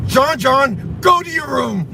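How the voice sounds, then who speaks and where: A strict, stern father snapping orders at his son, as a man puts him on. The commands come loud and pitched high, with a lively swing. Steady road noise hums underneath. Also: slow pace, vocal fry, recorded from a distance, full character voice. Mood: barking orders. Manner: barking, shouted commands.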